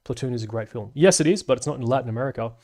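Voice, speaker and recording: A man's voice: medium pitch, very fast, darkish tone. Rambling man chatting on stream. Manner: rambling, self-deprecating, full of fillers. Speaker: live stream host reading chat. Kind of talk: casual live stream chat.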